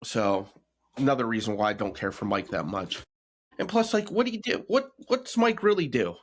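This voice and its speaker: A man's voice: mid-range voice, moderate pace. Blunt, mocking male podcast co-host. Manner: blunt, mocking, animated rants. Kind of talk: casual chat.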